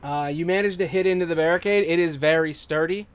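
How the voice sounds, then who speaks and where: A man's voice: a little high, fast, clean tone. A man running a tabletop game as game master, narrating casually with swearing and fillers.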